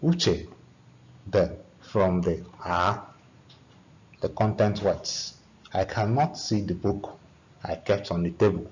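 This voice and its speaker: A man teaching an English grammar lesson, talking slowly with frequent restarts and repeated words. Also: low-pitched, a little mellow. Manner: slow, halting teacher talk with repeated restarts. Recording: dull lo-fi recording with faint noise.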